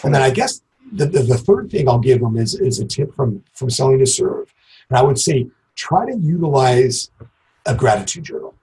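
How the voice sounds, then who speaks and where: A man's voice: medium pitch, very animated, moderate pace, dark tone, husky, poor audio. A man, a guest on a podcast, giving practical sales tips in an upbeat, casual way. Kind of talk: casual interview chat.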